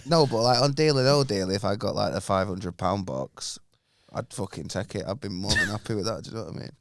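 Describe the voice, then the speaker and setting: A man co-hosting a podcast, blunt and sweary with deadpan jokes. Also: fairly low pitch, fairly quick, no echo. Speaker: podcast co-host. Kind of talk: casual chat.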